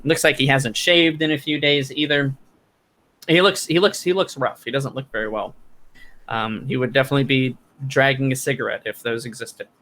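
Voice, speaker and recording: A man's voice: mid-range voice, fairly bright tone. Hesitant male dungeon master narrating. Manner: halting, with many fillers and restarts. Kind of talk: narrating a tabletop game.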